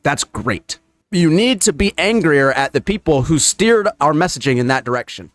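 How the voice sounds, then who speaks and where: A man's voice: a little high, lively intonation, normal speed, a bit bright, dry recording, studio quality. A man giving a heated, profane reaction commentary on political clips, ranting in a casual way.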